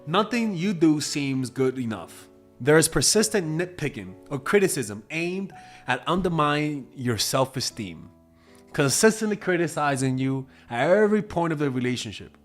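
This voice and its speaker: A blunt man talks casually, swearing freely and acting out little scenes in a raised voice. His voice sits a bit high for a man. Soft music plays behind him. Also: expressive, normal speed. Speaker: dating coach. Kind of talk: casual monologue.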